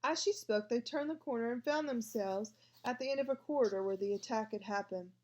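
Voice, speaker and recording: A woman's voice: on the high side, a little fast, a little mellow, highs cut off. A woman narrating a storybook aloud and voicing every part herself. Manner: reads all parts herself. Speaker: audiobook reader.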